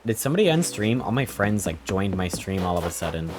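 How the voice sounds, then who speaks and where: A man's voice: low-pitched, very animated, quick pace. A young man streaming a game, chatting casually with viewers in a playful, rambling, joking way as he reacts to chat. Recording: game music playing behind the voice.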